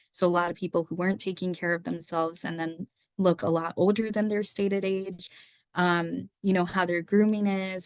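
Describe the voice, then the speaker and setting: A young woman explains psychiatry to students, walking through slides and stringing together lists of questions. Her voice sits slightly low. The recording is dry, with no room echo. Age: young adult. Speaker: psychiatry resident teaching medical students. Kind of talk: lecture over slides.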